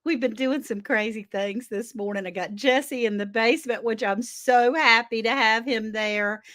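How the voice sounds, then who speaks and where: A woman's voice: medium pitch, fairly bright tone. A woman hosting a casual live stream, a little out of breath, greeting viewers by name with terms like honey and darling. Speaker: livestream host.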